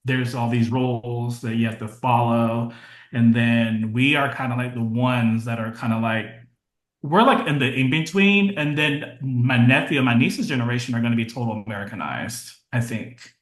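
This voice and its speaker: A man talks openly as a podcast guest, his thoughts coming in short restarting bursts with fillers. His voice sits at a middle pitch. The room around him sounds echoey. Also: normal speed. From United States. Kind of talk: casual interview conversation.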